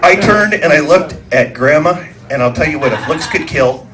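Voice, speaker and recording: A man's voice: a little high, expressive, normal speed, crowd noise. A man doing live stand-up, telling rambling stories that repeat words and act out quoted voices, at a small live venue. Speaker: stand-up comedian.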